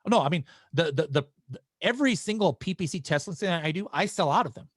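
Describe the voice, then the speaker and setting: A man's voice: fairly high pitch, expressive, fast, dry recording, studio quality. Casual, chatty man hosting a webinar. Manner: casual and chatty, with frequent restarts and fillers. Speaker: webinar host answering viewer questions. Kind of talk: live webinar Q&A.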